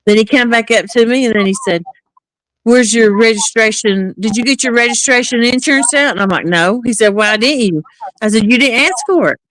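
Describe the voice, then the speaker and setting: On a live talk stream, a woman casually tells a long story, animatedly acting out the quoted back-and-forth dialogue. Her voice is fairly high and brisk, and the recording is dry.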